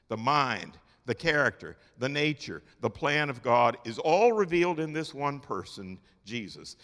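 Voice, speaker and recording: A man preaching a sermon, emphatic, swinging between loud declarations and quiet asides. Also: medium pitch. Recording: long hall reverb.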